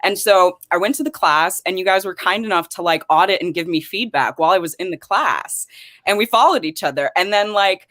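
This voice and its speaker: Animated twenty-something woman from wisconsin, low-ish voice, dry video call sound from her bedroom. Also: no echo. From Wisconsin, USA. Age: 20s. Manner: animated, storytelling, quick laughs. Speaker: guest, actress and writer. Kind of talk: casual interview chat.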